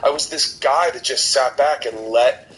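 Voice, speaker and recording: A man chats as a podcast guest, circling and repeating himself, dropping swear words and sounding close to tears. His voice sits at an ordinary middle pitch. A clear layer of noise runs under the whole recording. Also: moderate pace. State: emotional, near tears. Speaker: guest comedian. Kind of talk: casual podcast chat. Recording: noisy recording.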